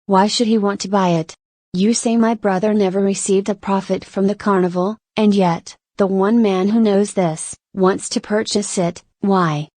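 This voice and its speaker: A woman's voice: medium pitch, steady tone, normal speed, a little mellow, no room sound, lightly acted. A woman reading aloud as a resolute middle-aged mother who once sang and danced on stage, with a firm, determined manner. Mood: questioning.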